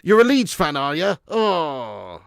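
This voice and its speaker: A man's voice: a little high, very animated, takes it slowly, gravelly, a bit bright, clear, resonant tone, no room sound, clean studio sound. A man hosting a live football watch-along, joking and laughing as he thanks viewers for super chats.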